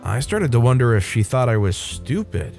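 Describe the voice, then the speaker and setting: A man narrating a written story in a steady, even read. His voice sits in a middle range for a man. Soft music plays faintly behind him. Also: medium pitch, normal speed. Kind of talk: scripted narration. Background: faint background music.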